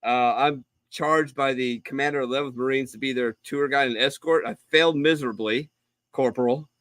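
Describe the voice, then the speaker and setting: A middle-aged man with a bright, forceful voice tells a long, profane anecdote in a rambling way, jumping into the voices of the people in it. The sound is dry and close, with no room echo. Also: mid-range voice. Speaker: podcast co-host. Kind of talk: casual storytelling on a live show.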